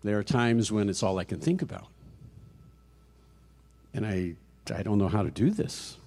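A man's voice: fairly low pitch, expressive, gravelly, darkish tone, breathy edge. Middle-aged guy guest preaching in church, chatty, lots of restarts and questions to the crowd. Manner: conversational, halting with frequent restarts, rhetorical questions. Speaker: guest speaker. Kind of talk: sermon. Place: church sanctuary.

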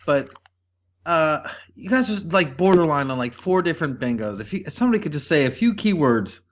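A man in casual podcast chat, amused and quick to laugh. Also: a little high, lively intonation, highs cut off.

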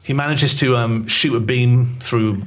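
A man co-hosting a casual comedic chat, building absurd scenarios and laughing a lot, with a husky voice. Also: mid-range voice, steady tone, a little slow.

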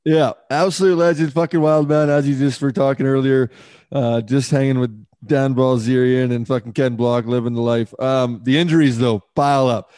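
A man's voice: mid-range voice, fairly even intonation, normal speed, warm tone, dry recording, clean studio sound. A man hosting a podcast, casual and agreeable, swearing freely. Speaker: podcast host.

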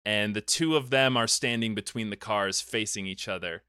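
A young man hosting a casual comedic podcast, recapping a movie in an animated, riffing storytelling manner. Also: lowish voice, moderate pace, clean tone, no echo, studio quality. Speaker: podcast host recapping a film.

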